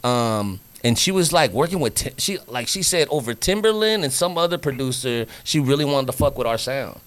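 Slangy animated storyteller man. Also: medium pitch, brisk. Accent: Northern California. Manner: slangy, animated storyteller who acts out quotes. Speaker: guest. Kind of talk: casual storytelling.

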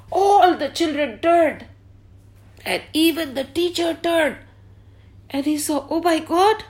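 High-voiced woman teaching children. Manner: warm, encouraging, slow and clear with kids. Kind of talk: storytelling class for children.

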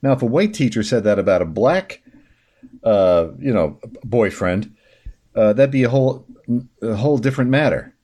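A man's voice: medium pitch, lively intonation, moderate pace, mellow. A man hosting a talk show, reading news items aloud and breaking in with sarcastic, indignant asides. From upstate New York. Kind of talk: opinionated news commentary.

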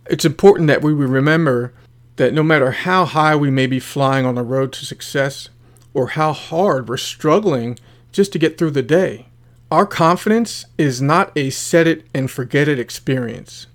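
Earnest man telling a slow parable. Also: on the high side. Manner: earnest, slow, dramatic pauses. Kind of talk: storytelling narration.

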